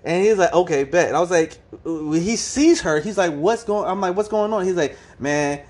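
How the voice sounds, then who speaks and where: Male podcast co-host, casual and animated, swears freely, acts out quoted dialogue; lively pitch. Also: normal speed. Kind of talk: casual chat.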